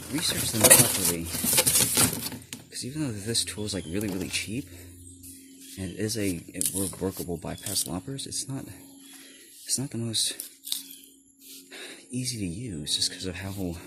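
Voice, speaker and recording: Male vlogger, slow, rambling, swears a lot; loud packaging crinkle behind. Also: fairly low pitch, animated. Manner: rambling, self-correcting, swears and laughs often. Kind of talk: casual unboxing chat. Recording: loud crinkling and tearing noise.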